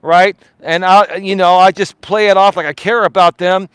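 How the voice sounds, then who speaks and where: A man's voice: high voice, fairly even intonation, normal speed, a bit bright, clear, resonant tone, no room sound, pitched below the performer's own voice. A man mocking a smug cynical streamer. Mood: sneering. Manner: sneering, offhand mockery. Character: smug, cynical male streamer mocking his own audience.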